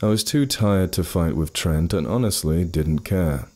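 A man narrating a horror story in an expressive, storytelling way. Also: deep voice, measured pace.

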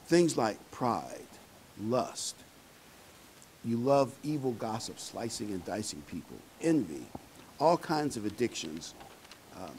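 Male preacher, folksy and chatty, pitch rising and falling, faint hiss behind. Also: darkish tone, rough recording. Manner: conversational, folksy preaching with fillers. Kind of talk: sermon.

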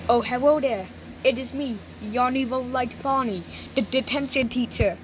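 A woman's voice: on the high side, moderate pace, noisy background, natural voice. A synthetic woman's voice speaking for cartoon figures, a stern adult woman in authority who scolds stiffly and repeats herself. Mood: scolding. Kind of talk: text-to-speech cartoon voices.

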